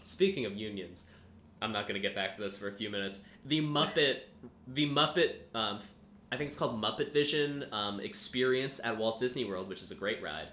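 A man's voice: on the low side, fairly bright tone, roomy sound, slight background noise. A young man co-hosting a podcast, chatting casually in a rambling, joking way with lots of swearing. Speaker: podcast co-host. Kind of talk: casual chat.

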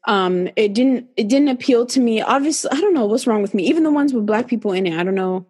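Excitable, slangy podcast co-host woman. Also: a little high, quick pace, husky. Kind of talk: casual chat.

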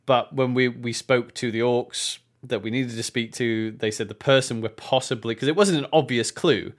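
A young man co-hosting a podcast, telling an animated story in casual chat. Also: mid-range voice, normal speed. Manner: animated storytelling, acts out quoted voices. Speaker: podcast co-host.

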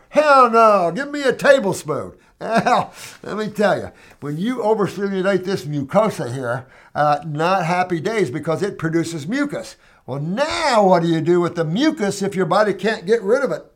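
A man with a somewhat high-pitched voice answers viewer questions in a loose, casual monologue. He is blunt and emphatic, with a folksy, talk-to-you-directly manner. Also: sing-song, moderate pace, a bit bright.

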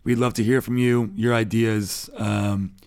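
A man co-hosting a podcast in a relaxed, chatty way, with a slightly mumbly voice. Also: fairly low pitch, unhurried, no room sound, studio quality. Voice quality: gravelly, a bit mumbly. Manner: relaxed, chatty, laughs easily. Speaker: podcast co-host. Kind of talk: casual chat.

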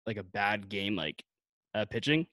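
Low-voiced man, rambling casual chat. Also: lively intonation, unhurried, fairly bright tone, no echo. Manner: laid-back, filler-heavy rambling.

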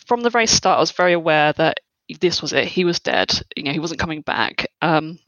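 A young adult woman speaks as an interview guest, hesitant and reflective. She pauses often and leans on fillers while she looks back on events. Her voice sits in a dry, close sound with no room echo. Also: low-pitched, lively intonation, fairly bright tone, dull audio. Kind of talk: personal interview, recounting.

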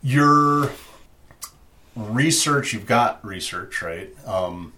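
A man's voice: medium pitch, animated, drawn-out words, bright, forceful tone, slight background noise. A man narrating as game master in a tabletop game, loose and chatty. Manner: loose and chatty, many fillers.

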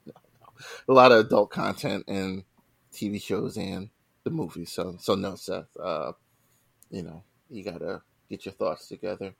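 A man's voice: sits low, normal speed, creaky, breathy edge, dry recording. A man in his forties hosting a casual group chat, rambling loosely and correcting himself as he goes. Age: 40s. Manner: relaxed, rambling, self-correcting. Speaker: podcast host.

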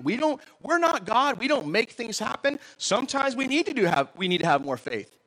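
A man, a pastor, preaching a sermon in an animated, joking way and often asking the audience questions. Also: sits high, fairly quick, hardly any pauses, low-quality recording.

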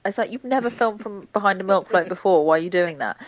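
A woman's voice: medium pitch, fast, low-quality recording. A woman TV critic from the UK, chatting with amusement and opinions about television. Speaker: TV critic guest. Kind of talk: casual chat.

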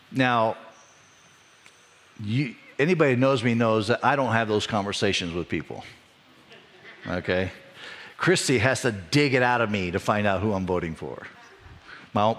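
Man, middle-aged, pastor, sermon, conversational, rises for emphasis, drops low to reflect, mid pitch. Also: a bit bright.

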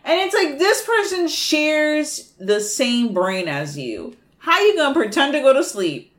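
A woman co-hosting a podcast, recapping a horror movie in a casual, animated, profane way, often laughing. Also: high-pitched, unhurried. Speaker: podcast co-host.

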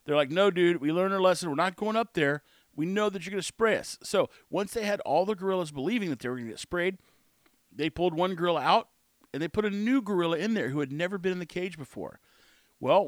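Blunt, sarcastic man, opinion monologue, fairly high voice, dry close sound. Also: dry recording.

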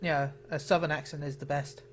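An English man co-hosting a podcast, chatty and quick to laugh, with frequent restarts. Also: on the high side, flat delivery, slight background noise. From England. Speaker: podcast co-host. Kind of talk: casual chat.

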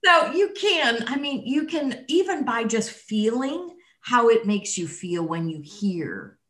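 A woman hosting a podcast, talking in a slow, thoughtful, teacherly way. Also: on the high side, expressive, a bit bright. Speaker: podcast host. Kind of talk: reflective interview talk. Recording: roomy echo.

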